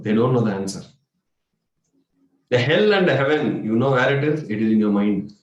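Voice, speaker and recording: An Indian man leads a spiritual workshop as a meditation coach, his voice sitting at an ordinary middle pitch. He teaches in a lively, playful way, breaking into exclamations and little imitations. The recording carries a clear echo from the room he speaks in. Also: fairly quick, highs cut off. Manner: animated, playful, with sudden exclamations and mimicry. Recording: echoey room.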